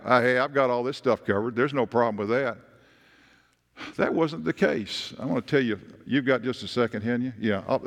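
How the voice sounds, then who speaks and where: Male pastor, animated sermon, emphatic storytelling, mid-pitched voice, long reverb in the sanctuary.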